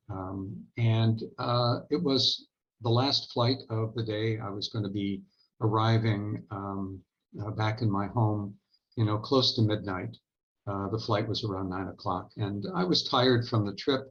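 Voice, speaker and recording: A man giving a conference keynote, telling a story in a measured, reflective, halting way. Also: on the low side. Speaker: keynote speaker. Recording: dull lo-fi recording.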